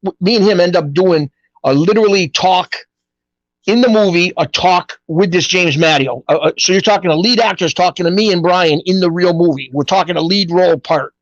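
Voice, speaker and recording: A middle-aged man, a guest telling stories in a casual interview, rambling and animated with street-style grammar. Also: high-pitched, brisk, dry recording. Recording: dull, dry lo-fi audio.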